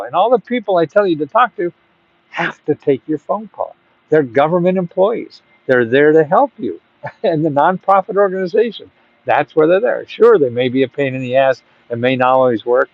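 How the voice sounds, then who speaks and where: A man's voice: fairly high pitch, big pitch swings, moderate pace, no room sound. A man hosting and giving grant advice in casual talk to the camera, rambling and chatty, with bursts of emphatic urging. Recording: dull, dry lo-fi audio.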